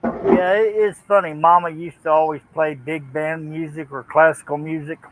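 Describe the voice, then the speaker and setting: A man in his fifties talks in a laid-back way with a somewhat higher voice, and he keeps his replies brief. He reminisces easily in casual chat. A faint hiss runs behind his voice. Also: steady tone, moderate pace, fairly bright tone, low-quality recording. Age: 50s.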